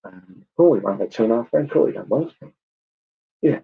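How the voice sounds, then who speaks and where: A man giving a clairvoyant reading at a church service, chatty and halting, with many ums and asides. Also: medium pitch, expressive, gravelly, breathy edge, phone-quality sound. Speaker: spiritualist medium.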